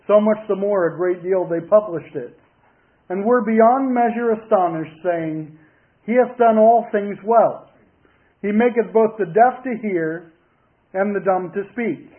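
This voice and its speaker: A male pastor preaching a sermon, reading scripture aloud in a measured, deliberate way. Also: high-pitched. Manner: measured, deliberate reading in King James wording. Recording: tinny phone-like broadcast audio.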